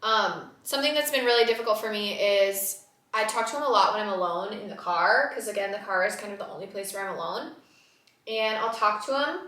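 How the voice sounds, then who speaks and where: A woman hosting a podcast, talking casually in a loud, animated way and laughing often. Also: mid-range voice, fairly quick, distant mic. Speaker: podcast host. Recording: roomy echo.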